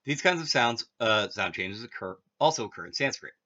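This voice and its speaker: A man's voice: mid-range voice, animated, a little fast, sharp tone. A man teaching a language lesson, reading the text aloud and breaking off for offhand asides. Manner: reads text then adds offhand asides. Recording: dull lo-fi audio.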